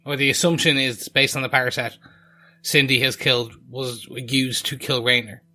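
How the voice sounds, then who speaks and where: A man's voice: mid-range voice, fairly even intonation, pushed and bright. An Irish man co-hosting a podcast, chatting casually and correcting himself as he goes. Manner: quick, chatty, self-correcting. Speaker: podcast co-host. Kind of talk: casual chat.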